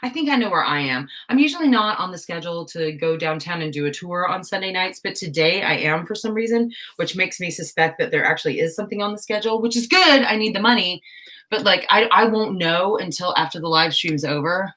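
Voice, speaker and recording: A young woman talks through a craft live stream in a slightly low voice. She is scatterbrained and self-mocking, breaking into frequent laughs. The talk stays casual and chatty. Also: animated, fairly quick, sharp tone. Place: home craft room.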